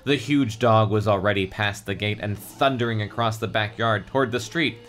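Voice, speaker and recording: A man's voice: on the low side, moderate pace. A man co-hosting a podcast, reading a children's book aloud in a playful, casual way. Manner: lively, playful, prone to laughing. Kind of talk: casual read-aloud narration.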